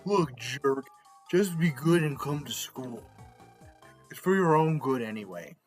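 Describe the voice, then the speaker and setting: A woman's voice: rumbling low, lively intonation, a little slow, a little mellow, full character voice. A woman voicing a haughty, bossy schoolgirl who scolds and makes demands. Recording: faint game music behind.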